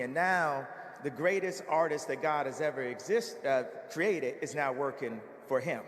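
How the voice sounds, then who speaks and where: A man's voice: fairly high pitch, normal speed, roomy sound, long reverb tail. A man speaking and then chanting repetitive lines over a beat in a played track. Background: loud music.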